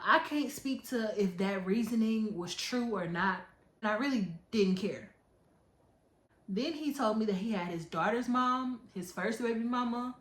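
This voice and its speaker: A young woman telling a personal story on her vlog, candid and animated as she retells it. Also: medium pitch. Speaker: storytime vlogger. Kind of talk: casual storytelling. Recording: echoey room.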